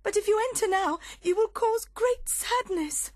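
A man voicing a frightened young wife who pleads with her husband in a shrill, nervous voice. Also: moderate pace, no room sound, studio quality. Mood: pleading.

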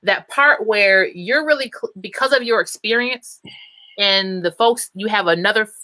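A woman's voice: mid-range voice, moderate pace, sharp tone, no echo, rough recording. A woman moderating a live panel discussion, asking long, winding, multi-part questions and often restarting her sentences.

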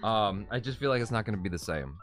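A man co-hosting a casual movie-review live stream, talking in an animated, goofy way. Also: on the low side, rapid-fire, faint music behind. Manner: animated and goofy, laughs often. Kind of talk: casual chat.

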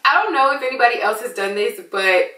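Brief: playful American woman, fake British accent, fairly high voice, echoey room and a mic set back. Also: lively intonation, fast, sharp tone, far from the mic. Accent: put-on British. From United States. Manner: playful, chatty, laughs often. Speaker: beauty vlogger. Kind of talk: casual makeup tutorial.

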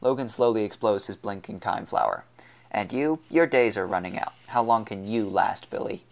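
A man reading the part of a hardened young man on the run, asking questions in a steady, measured way. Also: lowish voice, vocal fry. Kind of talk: audiobook character reading.

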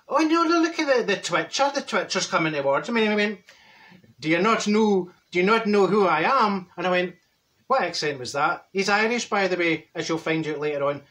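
With a high-pitched, sharp voice and lively intonation at an ordinary pace, a man plays a blunt older woman from Glasgow in a comic monologue. He gossips his way through a funny story in a broad, chatty Glaswegian accent, saying "wee" and "right?" constantly.

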